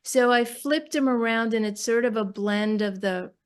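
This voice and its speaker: A woman poet with a New York accent chats casually about her book in an interview, her voice fairly high-pitched and smooth. She often pauses and restarts while searching for words.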